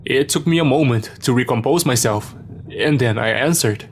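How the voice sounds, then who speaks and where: A man reading a scripted first-person horror story as narrator, in a steady storytelling manner. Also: mid-range voice, moderate pace, slight background noise.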